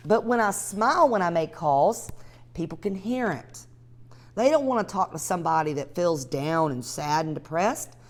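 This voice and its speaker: Woman, class instructor, direct and lively, coaching a room full of students. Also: lowish voice. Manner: energetic, talks straight to students by name. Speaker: real estate investing instructor. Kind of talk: classroom teaching with mock cold calls.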